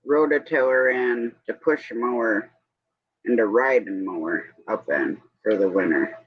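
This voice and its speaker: A man hosting a relaxed livestream chat, wandering from one everyday topic to the next. His voice sits at an ordinary middle pitch. The sound is dull and lo-fi, like stream audio. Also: unhurried, slightly rough. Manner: rambling, chatty, drifts between topics. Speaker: livestream host. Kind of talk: casual evening chat.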